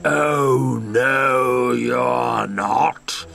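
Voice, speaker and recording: A man's voice: creaky, a bit bright, exaggerated voice. A man voicing a roaring, hungry male troll in a storybook reading, drawing out his words. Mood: menacing. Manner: booming, drawn-out roars.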